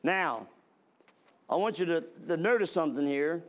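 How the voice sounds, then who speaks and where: A man's voice: a little high, lively intonation, moderate pace. A man preaching a sermon, reading scripture aloud and then explaining it in plain talk with fillers and restarts.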